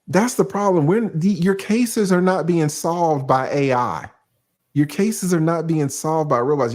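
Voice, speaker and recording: A man hosting a livestream, talking casually and profanely, reading out viewer shout-outs. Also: fairly high pitch, unhurried. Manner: animated, profane, reads out chat shout-outs. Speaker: host.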